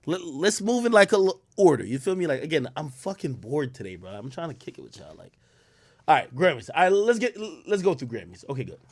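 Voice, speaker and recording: Male streamer, casual profane chat, lively pitch swings, dry close sound. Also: brisk, no echo. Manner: loose and profane, reacting to chat, swings loud and quiet.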